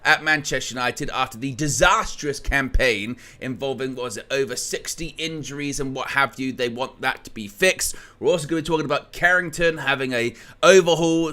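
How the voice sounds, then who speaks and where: Man from England, live-stream football host, bright forceful voice, chatty, rambling, reads comments aloud. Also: medium pitch. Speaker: fan channel host.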